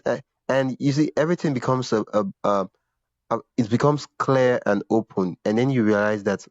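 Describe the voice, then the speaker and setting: A man's voice: mid-range voice, fairly quick, dry recording, lo-fi sound. A man hosting a podcast interview, talking casually and often restarting his sentences as he searches for words. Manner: searching for words, repeats himself, laughs now and then. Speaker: podcast host. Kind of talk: conversational interview.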